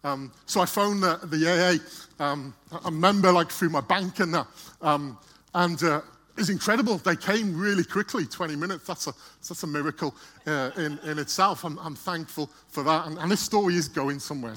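A man's voice: a little high, normal speed, pushed and bright. A man speaking to a church, telling a personal story in a chatty way, often repeating and restarting words. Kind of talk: storytelling sermon.

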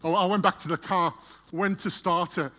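A man's voice: sits high, fairly even intonation, normal speed, bright, forceful tone. A man speaking to a church, telling a personal story in a chatty way, often repeating and restarting words. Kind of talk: storytelling sermon.

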